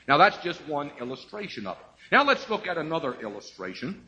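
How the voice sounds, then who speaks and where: A man preaching an expository Bible sermon, slowing to stress key phrases and answering his own rhetorical questions. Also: on the high side, very animated, bright, forceful tone, rough recording.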